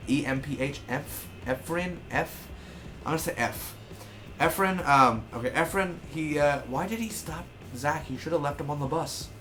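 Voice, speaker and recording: A young man in his twenties casually recapping a TV episode, rambling and excitable, swearing freely. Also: a little high, moderate pace, faint music behind. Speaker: TV episode reviewer.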